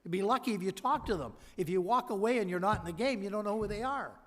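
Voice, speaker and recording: Male ceremony speaker, anecdotal and lively, slightly higher pitch, podium mic in a big echoing hall. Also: fast talker. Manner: storytelling, quoting others. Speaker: convocation speaker. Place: large hall. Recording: long hall reverb.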